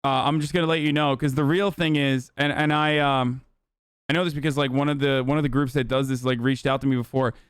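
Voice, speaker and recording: A young man of Turkish origin, hosting a live stream with profane, animated ranting commentary. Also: medium pitch, a little fast, clear, resonant tone, no echo. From Turkey.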